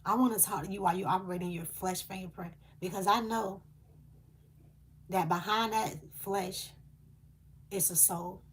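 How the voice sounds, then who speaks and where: A woman's voice: mid-range voice, steady tone, normal speed, pauses often, breathy edge. A woman speaking, delivering a channeled spiritual message in an earnest, emotional way with hesitant fillers.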